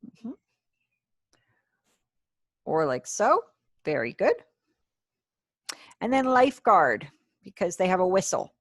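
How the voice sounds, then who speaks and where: A woman's voice: fairly low pitch, very animated, slow, pauses often, no echo, clean studio sound. A woman teaching a sign language class over a video call, chatty and encouraging, praising students as she goes. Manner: chatty asides to herself. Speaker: ASL teacher.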